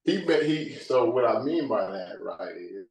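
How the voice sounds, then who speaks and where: A man on a casual podcast panel, speaking in a deadpan, drawn-out way. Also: mid-range voice, noisy background.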